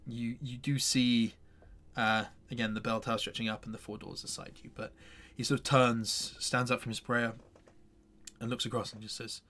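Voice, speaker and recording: A man's voice: mid-range voice, flat delivery, moderate pace, fairly bright tone. A man narrating as game master for a tabletop game, hesitant and full of fillers.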